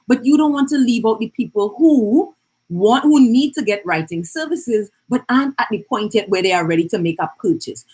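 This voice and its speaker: With a husky, darkish, medium-pitched voice, a woman runs an Instagram live as a business coach. She welcomes viewers, teaches conversationally, and keeps asking "right?" to check in.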